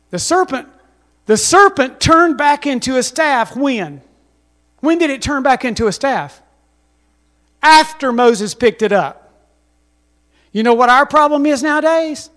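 A man's voice: very high-pitched, a bit bright. A man preaching a sermon as pastor, telling stories with emphasis and calling on the congregation to respond.

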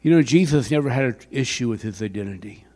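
An older man preaching a sermon, dropping to a hush and then rising to a shout. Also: medium pitch, lively intonation, fast. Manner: dramatic swings from hushed to shouting. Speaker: pastor. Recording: long hall reverb.

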